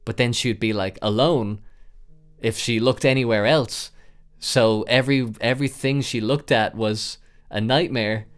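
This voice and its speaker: A young man in his twenties hosting a podcast, telling a wild personal story casually, rambling with lots of fillers and swearing, getting loud and animated at the tense parts. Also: medium pitch, a little slow, smooth, soft background music. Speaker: podcast host.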